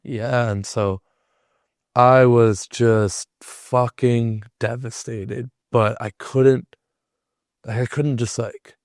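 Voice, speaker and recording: A young man guests on a podcast, telling a personal story casually and rambling with lots of "like." His mid-range voice is steady and very slow, recorded with clean studio sound and no room noise.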